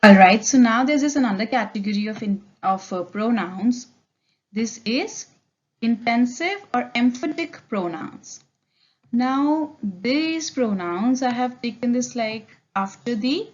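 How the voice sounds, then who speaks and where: A young woman with an Indian accent gives a recorded grammar lesson, her voice sitting a little high. She explains patiently and keeps checking her students follow along. The recording sounds dull and lo-fi. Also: expressive, slow pace. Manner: explains step by step, mixing Hindi and English, frequent "okay?" checks. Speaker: English teacher.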